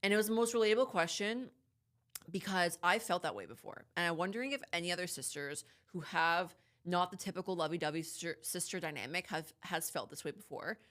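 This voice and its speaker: A young woman with a fairly low voice co-hosts a casual podcast. She talks candidly and at length, swears casually and pushes on when she is interrupted. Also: fairly quick, hardly any pauses, fairly bright tone. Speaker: podcast co-host. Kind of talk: casual chat.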